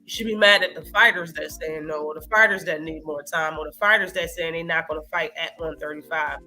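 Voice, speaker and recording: Brief: high, bright-voiced man, streaming host, animated and profane, faint music behind. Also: brisk. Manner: animated, profane, reacts to live chat. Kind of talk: casual live-stream boxing talk.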